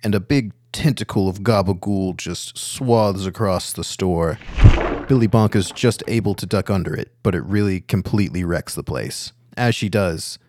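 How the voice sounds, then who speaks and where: A man narrating a tabletop game as game master with animated storytelling. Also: deep voice, normal speed.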